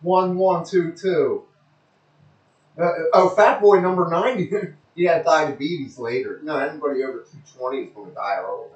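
A man's voice: fairly high pitch, normal speed, roomy sound, rough recording. A man giving a rambling, crude, joking play-by-play of a televised football game, repeating himself often. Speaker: amateur commentator.

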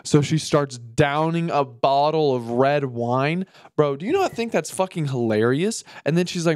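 Man hosting a solo comedy podcast, crude and animated, dry recording. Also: fairly high pitch, moderate pace, hardly any pauses, no room sound. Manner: profane, animated, mocking, puts on silly voices. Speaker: podcast host. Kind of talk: casual solo comedic rant.

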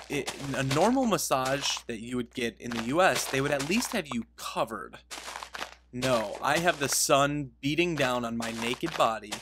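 A man's voice: mid-range voice, background noise. A man giving casual gaming commentary, rambling through a story and interrupting himself, laughing at his own telling. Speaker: game video creator.

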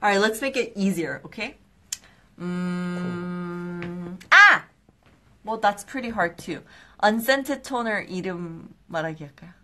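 A young woman hosting a live skincare quiz stream, bubbly and excitable, with quick apologetic asides. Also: on the low side. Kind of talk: casual live-stream chat.

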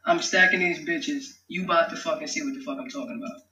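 A man with a fairly high, bright, forceful voice talks fast and fairly evenly in a casual vlog, loosely explaining how he makes his own rap song with slang and profanity. He's off mic in an echoey room, with his beat playing behind him.

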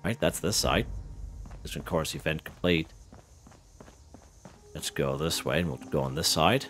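Super deep voiced guy chatting through his gameplay, laid back and rambly, faint music behind. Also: measured pace. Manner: relaxed, chuckling, lots of fillers and restarts. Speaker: gaming channel host. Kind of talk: casual gameplay commentary.

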